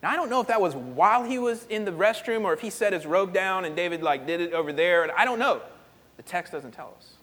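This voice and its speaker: A male pastor preaching in a lively, casual storytelling style, dropping in "like" as he goes. His voice sits a little high for a man. A long hall reverb trails behind every phrase. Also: fast talker. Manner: animated storytelling, casual with frequent "like". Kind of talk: sermon.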